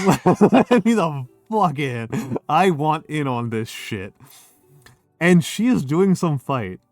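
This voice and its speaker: A middle-aged man hosts a loose, boozy chat on his home stream. He rambles, swears freely and trips over his own sentences. His voice sits at a middle pitch on a dry, close recording with faint music underneath. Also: no room sound. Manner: rambling, profane, self-interrupting. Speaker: streamer host. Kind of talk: casual drinking stream chat.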